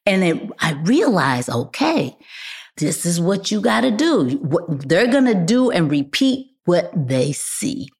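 A woman's voice: fairly low pitch, slow. Older woman telling stories with repeated emphasis. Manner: animated storyteller, repeats phrases for emphasis. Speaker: guest. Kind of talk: casual chat.

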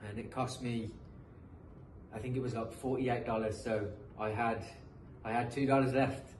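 Recorded a bit back from the mic in a roomy, echoing space with a faint hiss, a professional footballer from England in his thirties shares his story as an interview guest. His medium-pitched voice is steady, darkish and moderately paced, and he speaks earnestly and motivationally, often restarting phrases in a loose, conversational way.

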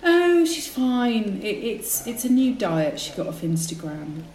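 A woman's voice: fairly high pitch, big pitch swings, unhurried, a little mellow, roomy sound, slight background noise, low-quality recording. An actress playing a scatterbrained, blunt female talent agent in a radio comedy. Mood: breezy.

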